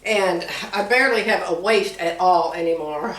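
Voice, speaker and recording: A woman's voice: fairly low pitch, moderate pace, fairly bright tone, far from the mic. An older woman chatting casually in a home sewing vlog, rambling along and laughing often. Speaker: sewing vlogger. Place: home room. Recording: roomy sound from away from the mic.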